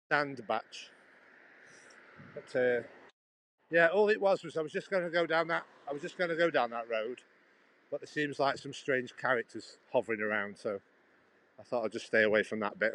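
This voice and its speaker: A man walks outdoors past a busy road, livestreaming from a handheld phone. His voice sits at a middling pitch. He rambles in a chatty, easygoing way and speaks straight to one viewer. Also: a little fast, a bit bright, rough recording. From England. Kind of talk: live walking vlog.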